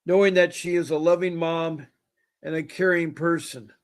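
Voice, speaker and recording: A man's voice: a little high, steady tone, moderate pace, clean tone. A man hosting a call-in show, talking in a rambling, folksy way and repeating himself. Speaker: show host. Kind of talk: casual call-in show talk.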